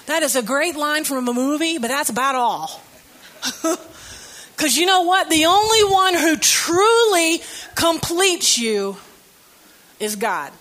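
A woman's voice: high voice, expressive, takes it slowly, pauses often, fairly bright tone. A woman preaching a sermon in a conversational, storytelling way with light humor.

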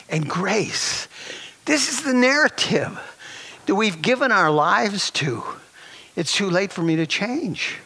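A male pastor delivering a lively sermon, his voice high and bright as he piles up emphatic rhetorical questions. He preaches with animated energy, chuckling between points.

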